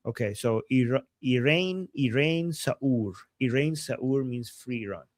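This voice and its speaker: A man's voice: mid-range voice, lively intonation, unhurried, dry recording. Young male livestream co-host, Persian first language, loose rambling chat, dead-dry room. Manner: rambling, many restarts and "like".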